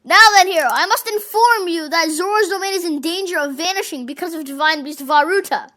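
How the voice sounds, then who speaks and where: A genial old fish-folk king from a fantasy game, put on by a fan doing every role. He speaks in grand, formal phrases, and the voice sits very high and sounds bright and forceful. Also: a little fast. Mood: grave. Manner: grand, courtly speech. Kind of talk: voicing game dialogue.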